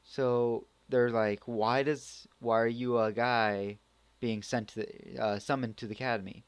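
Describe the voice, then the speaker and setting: A man's voice: mid-range voice, fairly even intonation, measured pace, clean tone, no echo. A man giving a casual spoken anime review, rambling with many restarts. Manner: rambling, full of restarts and acted reactions.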